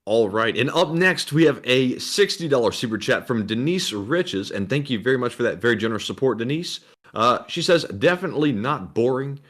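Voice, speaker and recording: A man co-hosting a live stream, reading out viewer messages in a flat, monotone way. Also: medium pitch, a little fast. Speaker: stream co-host reading super chats. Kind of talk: casual live-stream chat.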